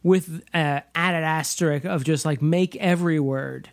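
A man's voice: fairly high pitch, a little slow, gravelly. A man co-hosting a podcast, chatting casually about a movie, rambling and laughing often. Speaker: podcast co-host.

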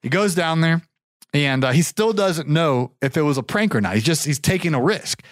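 A man from Ohio telling a long, rambling personal story in a casual way, rising in pitch whenever he imitates others. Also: normal speed, no echo, clean studio sound. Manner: rambling, animated, pitches up for quoted voices. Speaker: show regular telling a story.

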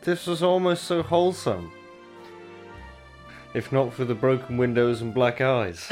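A man's voice: mid-range voice, a little slow, a little mellow, soft background music. A man playing a tabletop game, introducing his party in character with wry humor. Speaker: player. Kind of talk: in-character tabletop role-play.

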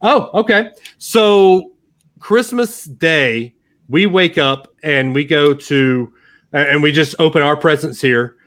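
A man's voice: on the high side, takes it slowly, fairly bright tone. An American man in his thirties hosting a casual chat, joking and laughing often. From United States. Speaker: podcast host.

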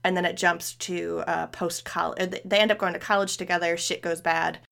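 Gravelly-voiced woman podcast host. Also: on the low side, moderate pace. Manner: animated, laughs often. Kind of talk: casual chat about books.

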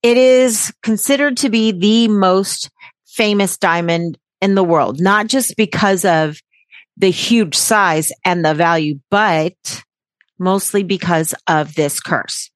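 A woman's voice: mid-range voice, slow pace, dry recording. A woman hosting a podcast in casual chat, brash and jokey, swearing freely with sarcastic asides. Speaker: podcast host.

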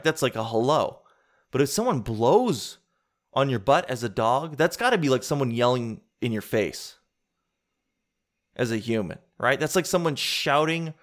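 A man doing an observational stand-up routine, rambling and conversational, interrupting himself and climbing higher in pitch as he riffs. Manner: rambling, conversational, self-interrupting, rises in pitch when riffing. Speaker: stand-up comedian.

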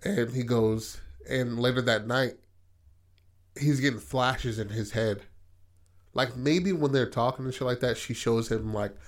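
A man casually pitching a story idea in loose, profane talk, acting out the characters' lines. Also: a little slow. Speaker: podcast host.

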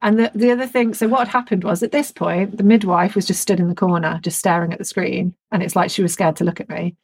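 A woman telling a story on a podcast, frank and animated, with a soft, breathy edge to her voice. She swears freely and keeps the chat casual. The sound is dry and close. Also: on the low side, fast talker, no echo. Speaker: podcast co-host.

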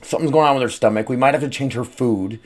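A man hosts a casual podcast from his home. He rambles from one thought to the next, swears freely and fills pauses with "uh." He sounds like an ordinary guy chatting into a mic. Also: medium pitch. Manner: rambling, profane, frequent "uh" fillers. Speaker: podcast host. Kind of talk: casual solo podcast chat.

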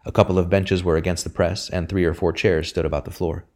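A man narrating a novel chapter in a measured, even storytelling manner. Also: deep voice. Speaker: audiobook narrator.

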